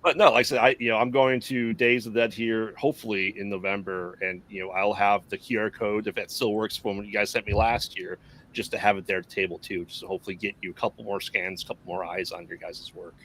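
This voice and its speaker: Podcast cohost guy, lowish voice, hyped and supportive, chatty. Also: fairly even intonation, quick pace, fairly bright tone, slight background noise, poor audio. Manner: enthusiastic and supportive. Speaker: podcast co-host. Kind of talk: casual podcast chat.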